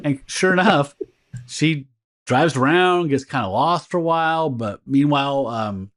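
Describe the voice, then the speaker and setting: This man's voice is fairly high and a bit bright, and he speaks at a measured pace. As co-host of a laid-back podcast, he goes over a comic story in a meandering, laughing way, full of filler words, during a casual comic book conversation.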